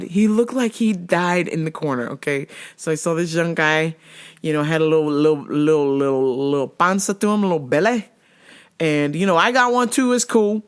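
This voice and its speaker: A woman hosting her own show, telling a comic story in profane, animated language and laughing often. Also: low voice. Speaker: podcast host.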